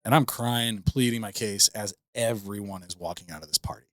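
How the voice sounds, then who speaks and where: A man's voice: lowish voice, brisk, no echo, studio quality. A young man co-hosting a podcast, telling a profane, rambling story full of fillers into a podcast mic. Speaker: podcast co-host. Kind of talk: casual storytelling.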